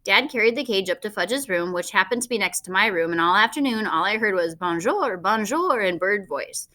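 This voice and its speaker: Bright-voiced woman narrating a storybook. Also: mid-range voice, brisk. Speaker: audiobook narrator. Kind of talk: first-person storybook narration.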